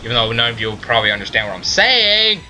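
A man playing a video game and commenting, ranting loudly at his teammates in a put-on silly voice. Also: medium pitch, sing-song, fast talker. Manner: loud, frustrated ranting at teammates. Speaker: let's play gamer. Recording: faint game music behind. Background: game music.

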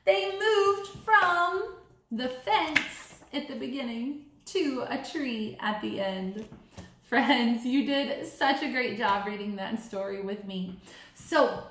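A woman teacher reading a counting story aloud to young children in a sing-song, animated way, coaxing them to count along. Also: on the high side, takes it slowly, a little hiss or hum. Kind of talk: storybook read-aloud lesson. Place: classroom or learning center room. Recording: echoey room.

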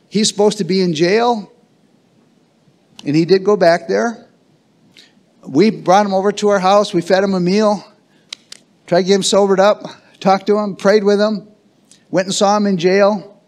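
A man's voice: high voice, fairly even intonation, moderate pace, a little mellow. A man preaching a sermon as pastor, emphatic and calling for answers from the congregation. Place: church sanctuary.

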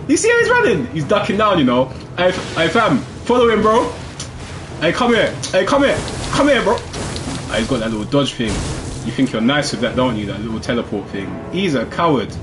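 Excitable man commenting on gameplay. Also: medium pitch, normal speed, noisy background. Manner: excitable, trash-talking, with sudden drops to muttering. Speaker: gaming video host.

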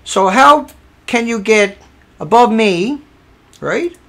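A man's voice: high-pitched, animated, takes it slowly, pushed and bright. A man hosting a livestream, arguing his point emphatically and repeating himself. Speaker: livestream host. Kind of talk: casual livestream commentary.

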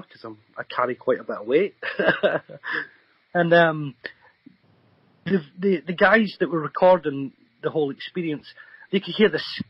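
A man's voice: a little high, husky, dry recording, muffled recording. A man, a guest psychic medium, telling a long story in an earnest, rambling way full of ums and restarts. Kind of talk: remote radio interview storytelling.

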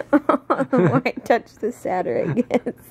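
A woman's voice: on the high side, darkish tone, a little hiss or hum. A woman co-hosting a family vlog, often whispering near a sleeping baby and giggling. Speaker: vlog co-host, new mother. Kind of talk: casual home vlog chat.

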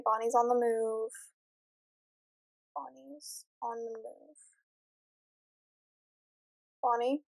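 A young woman nervously commenting as she plays a horror game, chatting to her viewers. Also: on the high side. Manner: nervous, jumpy, talks to viewers. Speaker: gamer.

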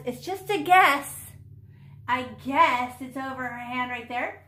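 A woman's voice: sits high, slow pace, sharp tone, reverberant. A woman in her fifties teaching children to paint, playful and chatty, teasing the class and talking to herself as she works. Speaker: art teacher.

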